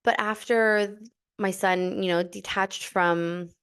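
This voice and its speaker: A young woman in her twenties or so speaks in an easy, mid-pitched voice, recounting a personal story on her own podcast. Her speech is casual and loose, full of likes and ums. Now and then she jumps up in pitch with excitement. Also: slow pace, smooth. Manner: chatty, many likes and ums, bursts of excited emphasis. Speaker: podcast host.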